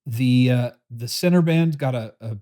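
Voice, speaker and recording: A man hosting a casual pen review, talking in a relaxed, chatty way with frequent pauses and fillers while he shows the box and pen. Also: medium pitch. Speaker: pen reviewer, channel host.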